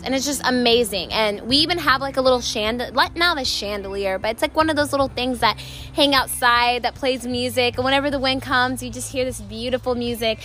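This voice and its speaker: With music playing beneath her, a woman hosts an easygoing faith podcast outside. She chats eagerly, leaning on lots of fillers, in a high-pitched and slightly bright voice.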